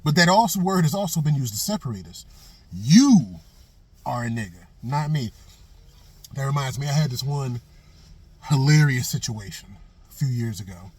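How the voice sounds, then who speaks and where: A middle-aged vlogger gives a blunt, profane opinion monologue, telling stories and driving points home with repeated phrases. His medium-pitched, husky voice is expressive and brisk, with no echo. The talk is a casual opinion monologue with storytelling.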